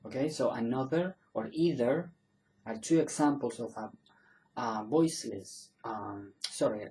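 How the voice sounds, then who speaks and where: A man teaching pronunciation in a relaxed online video, with a voice of middling pitch. He repeats each example word slowly so learners can copy it. He often trips, backs up and apologizes before carrying on. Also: poor audio. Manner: loose and self-correcting, often apologizing and restarting. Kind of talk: casual online video lesson.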